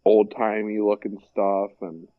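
A young man chatting casually, rambling with lots of fillers and breaking into animated impressions. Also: lowish voice, unhurried, no echo, phone-quality sound. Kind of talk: casual chat.

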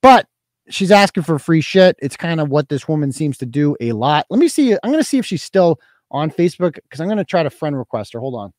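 Crude mocking man, high voice. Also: very animated, fairly quick, a little mellow, no echo. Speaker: host. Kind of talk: casual livestream commentary.

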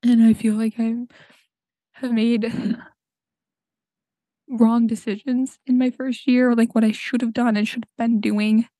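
A young woman recording a tearful, halting personal monologue on her podcast mic, crying and sniffling as she searches for words. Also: on the high side, little pitch movement, warm tone, dry recording. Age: young adult. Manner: halting, full of fillers and restarts. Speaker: podcast host. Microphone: home podcast mic.

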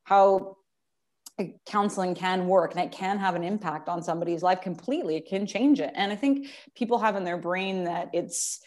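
A woman's voice: fairly low pitch, moderate pace, darkish tone. A middle-aged woman counsellor, a podcast guest, telling her story in casual chat with lots of emotion and laughter.

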